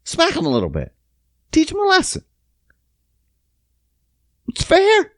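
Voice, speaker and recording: A man in his thirties from Canada telling a story on his podcast, swearing often and swinging between loud outbursts and low mutters. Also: wildly swooping pitch, unhurried, dry recording, clean studio sound. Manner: profane, emphatic, big pitch swings. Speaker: podcast host. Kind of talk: casual storytelling monologue.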